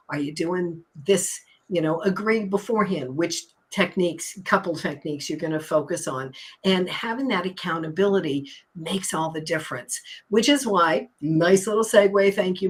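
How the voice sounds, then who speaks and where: A woman's voice: medium pitch, breathy edge, poor audio. A woman talking as a hypnotist and stress coach on a talk show, upbeat and emphatic, explaining things like a teacher. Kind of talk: casual talk show chat.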